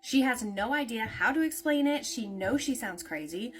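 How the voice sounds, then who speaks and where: A woman's voice: on the high side, lively intonation, moderate pace. A woman telling a spooky story in a casual, conversational way, with lots of "like" and "naturally".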